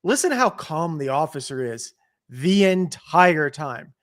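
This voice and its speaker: A man co-hosting a podcast, with a voice a little higher than most men's. He comments on a clip in a relaxed, observant, conversational way. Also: unhurried. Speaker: podcast co-host.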